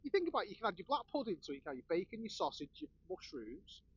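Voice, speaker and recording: A man's voice: high voice, huge pitch swings, rapid-fire, creaky, husky, dull audio. A man with a Scouse accent, chatting and ranting with a laugh as he hosts a live stream. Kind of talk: casual chat.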